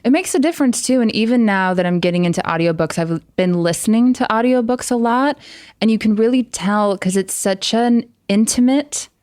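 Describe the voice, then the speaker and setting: A woman's voice: on the high side, moderate pace, dry recording. A woman guest on a podcast, chatting and telling stories with frequent laughter, recorded on a studio mic. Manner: laughs often, animated storytelling. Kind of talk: casual interview chat. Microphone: studio headphones and mic.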